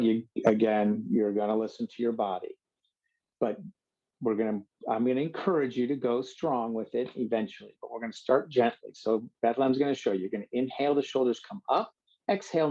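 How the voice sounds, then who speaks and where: A man leading a yoga workshop, giving calm, slow guided instructions with drawn-out cues. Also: fairly low pitch, muffled recording.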